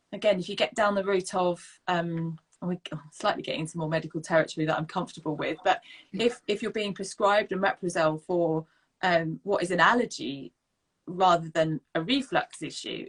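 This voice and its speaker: A woman's voice: on the low side, fairly bright tone, low-quality recording. A woman hosting a casual chat over a video call, thinking aloud with hesitant fillers. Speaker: sleep consultant, host. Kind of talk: casual conversational interview.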